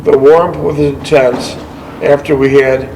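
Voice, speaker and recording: Haltingly, a show host reads a veteran's war memoir aloud, often stumbling, correcting himself and adding brief asides. His medium-pitched voice is creaky and a little mellow with fairly even intonation, on a low-quality recording with slight background noise.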